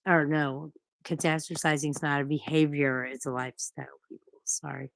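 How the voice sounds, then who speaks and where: A woman's voice: low-pitched, fairly even intonation, a little fast, creaky, rough recording. A woman vlogger in casual, rambling chat who swears freely and coos at her pets in baby talk.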